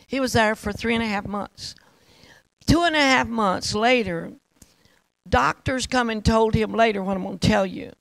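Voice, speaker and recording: A woman's voice: fairly high pitch, normal speed, creaky, a bit bright, dry recording, low-quality recording. A woman preacher telling a testimony in a rambling, fervent sermon that repeats itself.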